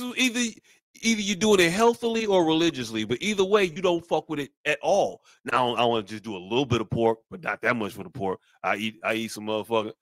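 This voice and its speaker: Male podcast co-host, high-pitched, animated and profane, dry close mic. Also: dry recording. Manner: animated, profane, mocking put-on voices. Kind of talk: casual podcast chat.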